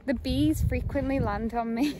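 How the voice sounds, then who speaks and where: A woman's voice: high-pitched, fairly even intonation, normal speed, noisy background. A young woman vlogging outdoors on her phone by a pond, dreamy and delighted, laughing often. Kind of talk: casual outdoor vlog. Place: outdoors by a pond in abbey grounds.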